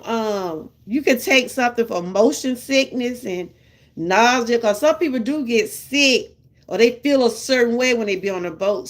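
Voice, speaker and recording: An older woman with a Southern US accent, chatting casually with her live viewers and laughing often. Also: on the high side. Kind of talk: casual live-stream chat.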